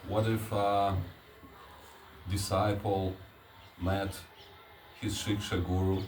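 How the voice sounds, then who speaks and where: Man in the audience, very deep voice, hesitant question, heard far from the mic. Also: a little mellow. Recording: distant mic, echoey room, faint noise.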